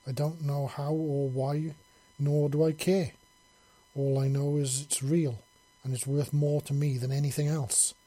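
A man's voice: mid-range voice, moderate pace, mellow, husky, dry recording. A man voicing an earnest young human man in love, speaking in a heartfelt way.

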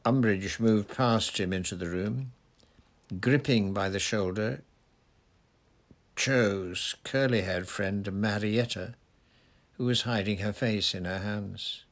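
A man reading a story aloud in a measured, plain narrating voice. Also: on the low side. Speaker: audiobook reader.

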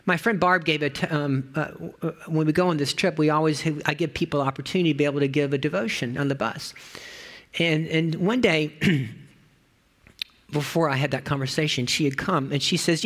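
A man preaching a sermon, telling a story, reading scripture slowly and solemnly, dropping soft and low on somber lines. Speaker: pastor.

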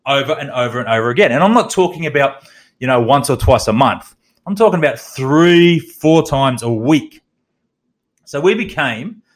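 Candid Australian man telling his story. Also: fairly high pitch. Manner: candid, swearing, hesitant restarts. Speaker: podcast host. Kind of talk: personal storytelling.

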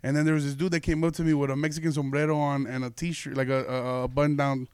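Young guy on a podcast, kinda high voice, smooth and clear, dry room, cussing and laughing thru a story. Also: flat delivery, quick pace, darkish tone, dry recording. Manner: loose, profane, laughing storyteller. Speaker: podcast host and comedian. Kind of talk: casual storytelling chat.

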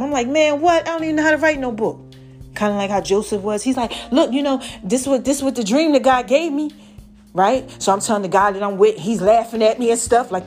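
A woman, casually retelling a Bible story to her followers, acting out voices and often asking "right?". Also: medium pitch. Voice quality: lively storytelling with acted voices. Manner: chatty, keeps asking "right?". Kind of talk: casual faith talk to followers.

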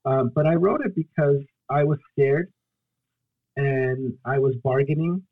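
A young man from Guatemala, a storyteller and solo performer, telling his own story as a podcast guest in an earnest, halting way. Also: mid-range voice, no room sound, phone-quality sound. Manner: earnest, halting, acts out his own past pleas and quotes. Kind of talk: emotional personal storytelling in a podcast interview.

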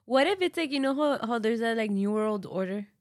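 A woman's voice: on the high side, lively intonation, a little fast. A woman co-hosting a podcast, chatting casually, laughing often and swearing. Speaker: podcast co-host. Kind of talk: casual chat.

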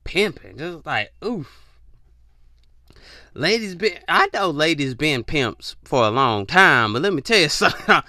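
A man hosting a podcast, ranting in a casual, profane, animated way and slipping into mock voices. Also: fairly high pitch, unhurried, dry recording, studio quality. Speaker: podcast host. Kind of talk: casual opinion rant.

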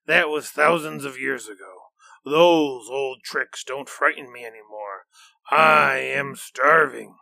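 A man putting on a slow gloating horned monster. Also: medium pitch, creaky, pushed and bright, no echo, heavily acted. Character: hungry boastful male monster with horns.

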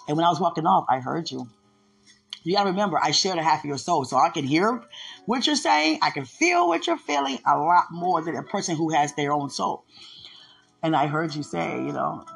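A woman hosting a podcast, talking casually in an animated, storytelling way, breaking into laughter and playful sing-song lines. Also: deep voice, gravelly, husky. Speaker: podcast host. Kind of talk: casual personal monologue.

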